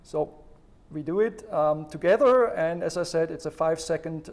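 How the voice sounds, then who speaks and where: A man's voice: on the high side, normal speed, darkish tone, slight background noise. A man presenting a health livestream, explaining stress relief and talking listeners step by step through a breathing exercise. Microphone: livestream microphone.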